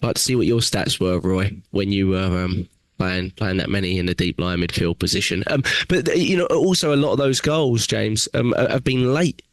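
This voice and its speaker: Low-voiced man hosting a football podcast. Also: no room sound. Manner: quick interjections, reels off stats. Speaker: podcast host. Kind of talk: casual football podcast chat.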